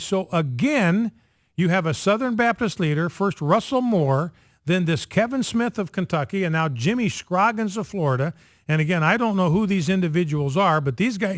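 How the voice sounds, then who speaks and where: A man with a fairly high voice hosts a talk radio show, holding forth in an indignant, sarcastic monologue. He hammers his points home by repeating phrases. The studio sound is dry, with almost no room echo.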